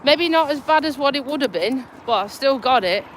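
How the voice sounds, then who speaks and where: Out walking by a tidal river bridge, a woman from Lincolnshire streams live, talking in a blunt, chatty way with casual swearing; she's short of breath and bunged up with a cold. She works as a community nurse and vlogs, speaking with a Lincolnshire English accent. Her high-sitting voice is animated and a little fast, against a noisy background.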